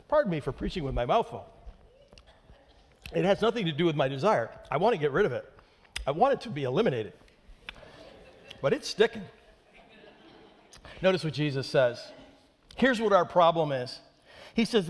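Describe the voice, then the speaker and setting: Man, pastor, sermon, emphatic and conversational, dry humor, slightly high voice, echoing church hall. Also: sing-song, normal speed, long pauses. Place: church sanctuary. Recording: long hall reverb in a church.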